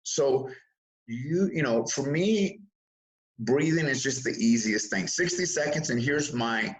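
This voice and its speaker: A man's voice: medium pitch, measured pace, low-quality recording. A man speaking as an interview guest on mindfulness, telling stories with chuckles and often restarting his sentences. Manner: lively storytelling with chuckles; restarts and repeats words often. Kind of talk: casual interview talk.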